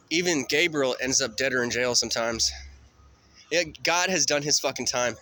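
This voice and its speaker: His voice is medium in pitch, bright and forceful as he walks a city street after dark and vlogs whatever crosses his mind. The man swears a lot and drifts from thought to thought, with faint street noise and cars going by.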